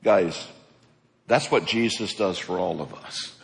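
A male pastor delivers a sermon to his congregation. He is animated and slips into the voices of people in his stories. His voice rings out with a long reverb in a church hall. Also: low voice, slow, vocal fry.

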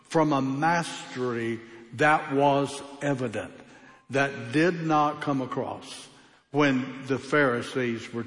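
A man preaching a sermon as pastor, emphatic and with a varied pace. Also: mid-range voice. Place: church. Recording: echoey church hall.

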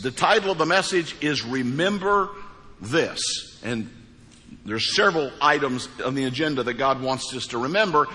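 Man, pastor, bright voice, big church reverb. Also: fairly high pitch. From Missouri, USA. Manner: folksy storytelling, emphatic repeated phrases. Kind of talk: sermon with a joke. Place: church sanctuary. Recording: large hall with long reverb.

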